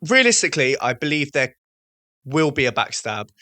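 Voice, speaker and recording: Male co-host, blunt and teasing, bright voice, dry sound. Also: medium pitch, big pitch swings, normal speed, dry recording. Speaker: podcast co-host. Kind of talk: casual podcast chat.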